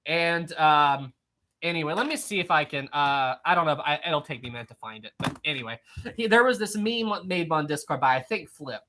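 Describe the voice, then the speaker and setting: A woman's voice: deep voice, lively intonation, brisk, fairly bright tone, slight background noise. A woman hosting a casual live stream, talking to her chat with frequent laughter and many restarts.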